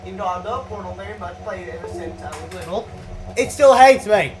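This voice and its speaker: A young gamer giving casual, profane commentary over gameplay, often mumbling low and swearing. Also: a little fast, noisy background. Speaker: gaming youtuber.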